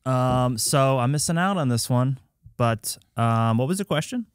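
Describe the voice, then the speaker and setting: Smooth-voiced man, dry sound. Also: mid-range voice, animated, a little slow, no room sound. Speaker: podcast co-host. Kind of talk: casual chat.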